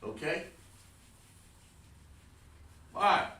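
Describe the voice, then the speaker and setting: A man's voice: a little fast, bright, forceful tone. A man teaching a casual, informal live-streamed language lesson at a board and calling on viewers by name. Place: room with a writing board. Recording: roomy sound, mic far from the speaker.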